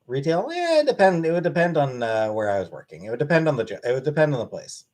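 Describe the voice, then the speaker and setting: A man's voice: fairly high pitch, sing-song, fast talker. A man casually answering questions from his live-stream chat in a blunt, offhand way.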